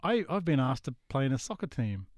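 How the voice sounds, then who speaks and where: An easygoing man chatting on a podcast with friends. His pitch moves around a lot as he talks, and he teases the others now and then. The sound is dry and close to the mic. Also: very animated, brisk, dry recording. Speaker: podcast co-host. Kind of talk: casual chat.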